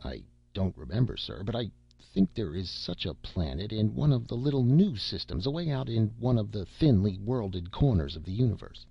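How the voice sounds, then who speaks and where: A man's voice: on the low side, expressive, moderate pace, vocal fry, few pauses, husky, no echo, dull audio, exaggerated voice. A man voicing a polite, helpful young male under clerk who speaks deferentially. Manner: deferential, eager to please.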